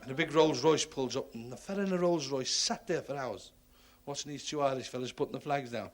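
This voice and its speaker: A man's voice: mid-range voice, brisk. A male stand-up comedian who tells jokes and chats with the audience, in 1970s TV studio audio. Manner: chatty, talks to the audience. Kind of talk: stand-up joke telling with audience banter.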